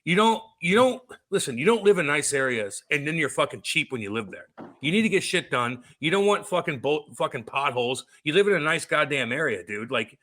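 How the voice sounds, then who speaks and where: A man's voice: on the high side, expressive, a little fast, fairly bright tone. A man co-hosting a podcast, telling stories in a blunt, profane, casual way. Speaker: podcast co-host. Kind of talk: casual chat.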